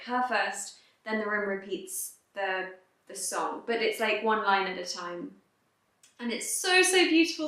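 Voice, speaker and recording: A woman vlogging in a casual, chatty way, full of "like" and "um", her voice softening and trailing off at the ends of phrases. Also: on the high side. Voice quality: soft-spoken, trails off quietly at phrase ends. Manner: chatty, filler-heavy with frequent "like" and "um". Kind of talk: casual vlog chat to camera. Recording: echoey room.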